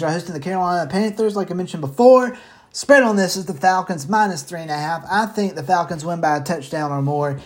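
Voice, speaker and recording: A man hosting a casual football picks show from home, rambling and swearing casually, short of breath as he talks. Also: on the high side. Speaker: sports picks host. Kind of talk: casual sports betting talk.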